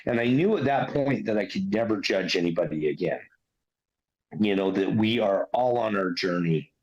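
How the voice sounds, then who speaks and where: A man's voice: lowish voice, lively intonation, normal speed, darkish tone, poor audio. A man casually recounting a spiritual experience in an earnest, conversational way. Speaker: interviewee recounting near-death experience. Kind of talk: casual storytelling.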